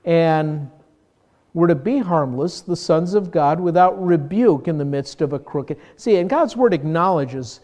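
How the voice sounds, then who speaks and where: Older male pastor, slightly high voice, chatty sermon delivery that turns animated in asides. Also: measured pace. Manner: conversational, self-deprecating, animated when mimicking.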